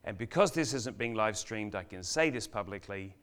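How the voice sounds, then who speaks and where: An older man delivers a sermon in a church, spinning a story with dramatic pauses. His voice swells loud on questions and falls to a near whisper on key lines. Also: fairly low pitch, expressive. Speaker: guest preacher.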